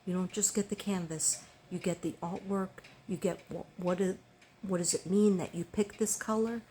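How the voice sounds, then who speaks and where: A woman's voice: lowish voice, fairly even intonation, normal speed, mellow, slight background noise. An older woman chatting casually to her viewers, rambling with many ums and restarts. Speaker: vlogger.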